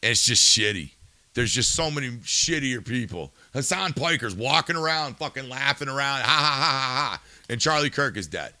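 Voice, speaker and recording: A man's voice: mid-range voice, expressive, moderate pace, bright, forceful tone, no echo. A male podcast host in a profane ranting monologue, angry and swearing, firing rhetorical questions and then turning subdued and somber.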